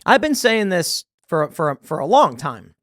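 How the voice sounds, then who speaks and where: An American man hosting casual political commentary, ranting with quick laughs and frequent restarts. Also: high voice, no echo, studio quality. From United States. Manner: ranting, animated, laughs mid-sentence.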